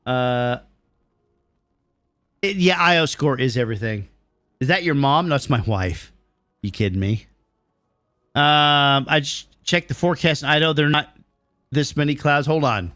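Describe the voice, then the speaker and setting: A man's voice: on the high side, normal speed, long pauses, fairly bright tone, dry recording. A middle-aged man streaming a game and answering his chat, ranting bluntly and swearing freely. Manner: blunt, profane, riled-up ranting.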